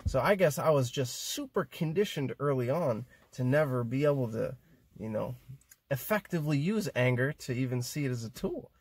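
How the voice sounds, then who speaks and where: A man in easy podcast conversation, thinking aloud and circling his ideas with plenty of filler words. His voice is husky and a little breathy, with a middling pitch. The sound is dry, with no room echo. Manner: reflective, musing, lots of filler words. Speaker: podcast host. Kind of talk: casual conversation.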